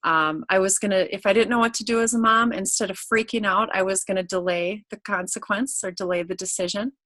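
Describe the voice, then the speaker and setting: A woman's voice: medium pitch, fairly even intonation, brisk, pushed and bright, no room sound, poor audio. A middle-aged woman speaks as an interview guest, telling personal stories in a frank, conversational way. Her voice sits in a medium register and sounds dry, with no room around it. She talks freely and openly, like someone sharing what she has learned. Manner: open, candid storyteller who acts out family quotes. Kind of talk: casual interview storytelling.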